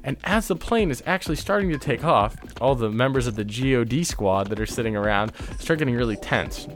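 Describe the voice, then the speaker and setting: A man's voice: mid-range voice, lively intonation, fairly quick, slight background noise. A man telling a travel story as an interview guest, rambling with many fillers and restarts. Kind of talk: casual anecdote telling.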